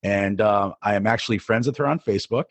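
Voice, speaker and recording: Speaking fast in a lowish voice with no room sound, this middle-aged DJ from New Jersey co-hosts a podcast. He rambles through a casual story full of fillers and false starts.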